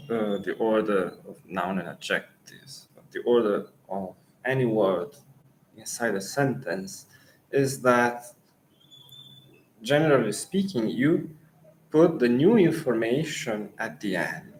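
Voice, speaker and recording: A man with an Italian accent, a native Italian speaker coaching Italian in a live Q&A lesson, pausing thoughtfully and restarting phrases. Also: mid-range voice, animated, a little hiss or hum, rough recording.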